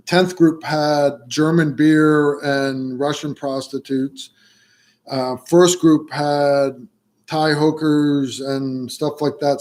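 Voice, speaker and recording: A middle-aged man from the United States hosting a livestream, chatting casually and telling stories with frequent fillers. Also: a little high. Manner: relaxed storytelling with frequent fillers. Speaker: livestream host answering viewer questions.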